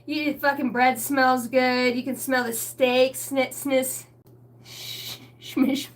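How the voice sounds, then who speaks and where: In a basement room lit by a ring light, a woman who works as a spiritual reader and vlogger rambles to her camera. Her voice is high but her delivery flat, even as she laughs often, swears and spins stories with quick asides.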